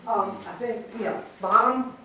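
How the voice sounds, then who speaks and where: Slow-talking woman teaching poetry. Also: a little high, bright, forceful tone. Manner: chatty, laughs often, sounds out rhythms. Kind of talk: informal classroom teaching. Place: church classroom. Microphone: distant room mic. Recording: echoey room from far off, faint hiss.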